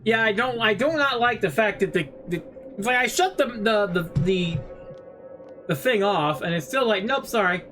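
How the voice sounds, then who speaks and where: A man's voice: high voice, animated, moderate pace, bright, forceful tone. A man streaming a horror game, muttering commentary to himself, swearing often and breaking into sudden outbursts. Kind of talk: casual gameplay commentary. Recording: game music under the voice. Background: game music.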